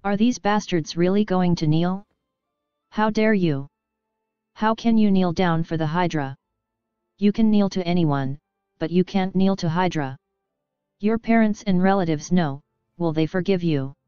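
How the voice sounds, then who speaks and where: A woman reading as an outraged, defiant male warrior roars in shame at his kneeling comrades. The voice is low for a woman and very clean, set against a dull, lo-fi sound with a faint music bed behind it. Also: measured pace, long pauses, warm tone, clean tone, dry recording, lightly acted. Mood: indignant. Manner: roaring, indignant.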